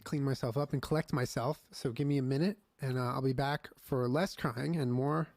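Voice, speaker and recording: A young man hosting a podcast, emotional and near tears as he talks haltingly to his listeners at the end of the show. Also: medium pitch, steady tone, a little mellow, no echo. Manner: halting, many fillers and restarts. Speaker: podcast host and streamer. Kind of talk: casual farewell talk to listeners.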